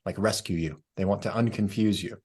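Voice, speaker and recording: Lower-pitched male salesman, plain and concise, answering a coach. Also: fairly quick, darkish tone, husky. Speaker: insurance salesman, trainee. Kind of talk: casual answers in a training session.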